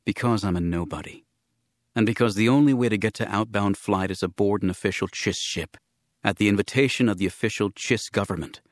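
A man voicing a tense, secretive man who speaks quietly and pleads in a guarded way, read as a scripted audiobook. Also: lowish voice, fairly quick, no room sound, studio quality, close to an everyday voice. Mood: pleading. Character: tense secretive man driven by a private grief.

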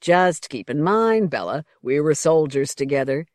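A woman's voice: sits low, lively intonation, moderate pace, dry recording, studio quality. A woman reading the part of a smirking young male lord who is boastful, bland and cajoling.

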